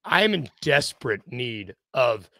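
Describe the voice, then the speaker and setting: A man's voice: mid-range voice, sing-song, a little slow, vocal fry, fairly bright tone, dry recording. A man co-hosting a podcast in casual chat, rambling with fillers and laughing easily. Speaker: podcast co-host.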